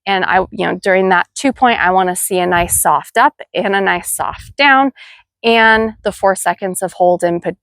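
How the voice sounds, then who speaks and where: A woman's voice: medium pitch, normal speed, vocal fry, dry recording, clean studio sound. Woman instructor giving practical coaching tips. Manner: practical, steady explaining with counted cues. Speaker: riding instructor teaching other instructors. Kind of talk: instructional video talk.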